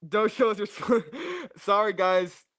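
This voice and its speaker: A young man runs a casual livestream, rambling and joking with his chat and looping the same catchphrases over and over. His voice sits a bit high for a man. The sound is close and dry on a fresh streaming mic. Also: fairly even intonation, a little slow, a bit bright, clear, resonant tone, no room sound. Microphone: new streaming mic.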